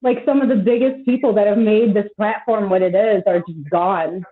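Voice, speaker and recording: A woman's voice: medium pitch, steady tone, moderate pace. A woman in her thirties chatting casually on a live stream, rambling and swearing freely with lots of "like". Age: 30s. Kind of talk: casual chat. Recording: tinny phone-like call audio.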